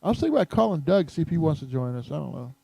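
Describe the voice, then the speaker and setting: A man's voice: a little high, big pitch swings, racing, vocal fry, dark tone, breathy edge, no echo, low-quality recording. A man hosting a podcast in casual chat, laid-back and teasing. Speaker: podcast host.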